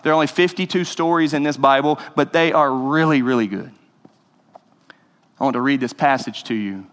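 A man's voice: medium pitch, moderate pace. A man preaching a sermon as pastor, earnest and conversational, rising to emphasis. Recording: reverberant hall.

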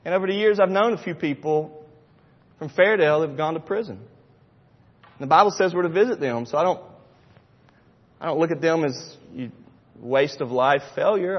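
A middle-aged man preaching a sermon in a church, emphatic and repetitive, acting out the people he quotes. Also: a little high. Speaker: pastor. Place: church sanctuary. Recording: dull sound with long hall reverb.

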